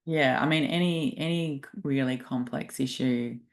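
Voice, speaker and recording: A woman's voice: rumbling low, moderate pace. A woman hosting a podcast, talking reflectively and thinking aloud in a casual interview. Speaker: podcast host.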